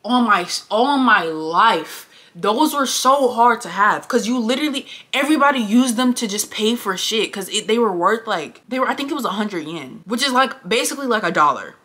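A young woman telling a story on her vlog in a casual, animated, blunt way, cursing often, recorded indoors at close range. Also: fairly high pitch, normal speed. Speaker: vlogger. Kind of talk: casual storytime while getting ready.

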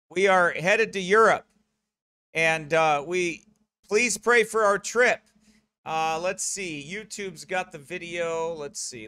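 Brief: middle-aged US pastor, high bright voice, dry close sound, chatty and rambling. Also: male voice, no echo. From United States. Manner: rambling, joking asides. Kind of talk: church announcements before a sermon.

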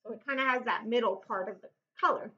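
A woman teaching a recorded Spanish vocabulary lesson, speaking slowly and clearly and repeating each word several times. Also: a little high, bright, forceful tone, dull audio.

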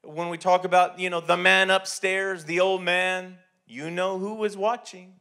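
A man's voice: sits high, little pitch movement, measured pace, creaky, bright, forceful tone. A man preaching a sermon in a church, talking conversationally with many restarts and repeated words. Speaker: pastor.

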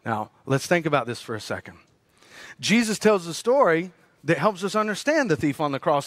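Pastor guy preaching, high voice, dry close sound, goes big then drops to a hush. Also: no room sound. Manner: dramatic preaching, swings between loud rising peaks and hushed low asides. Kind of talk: sermon.

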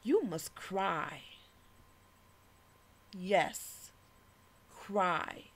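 A woman performing her own spoken-word poem with passion and a preaching tone, dropping to whispers and then rising to loud declarations. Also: on the low side, animated, drawn-out words. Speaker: poet. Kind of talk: spoken-word poetry recital.

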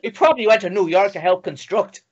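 A man's voice: high-pitched, fast talker, highs cut off. A man co-hosting a reaction video in casual chat, cracking jokes and giggling. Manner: wisecracking, giggling. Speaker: co-host of a reaction channel.

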